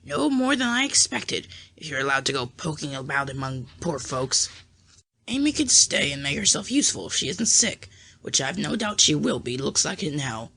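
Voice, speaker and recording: An audiobook reader voicing a gruff, sharp-tongued old aunt who scolds, raised in pitch. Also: sing-song, normal speed, exaggerated voice. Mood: scolding. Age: older.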